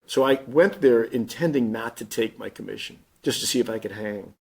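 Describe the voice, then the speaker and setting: A man's voice: medium pitch, normal speed, vocal fry, a little mellow, husky. A man in his fifties, a Marine Corps general, telling his story plainly in an interview and acting out the dialogue he quotes. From Missouri.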